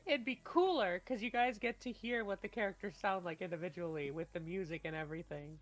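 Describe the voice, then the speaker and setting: A woman's voice: lowish voice, brisk, faint music behind. Rambling woman game master. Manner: rambling, restarts often, bursts into loud laughter. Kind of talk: casual chat on a voice call.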